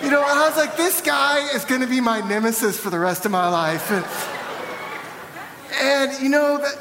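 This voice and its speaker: Animated high-voiced preacher. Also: male voice, moderate pace, big-room sound, crowd noise, noisy background. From American South. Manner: candid storytelling, animated and self-deprecating. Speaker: pastor. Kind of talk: sermon. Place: church hall.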